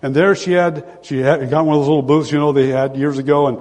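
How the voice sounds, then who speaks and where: A man preaching a sermon in a church, emphatic and storytelling, driving his key phrases home again and again. His voice is a touch high, and a long reverb hangs on every line in the large hall. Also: flat delivery, fast, darkish tone. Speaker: pastor.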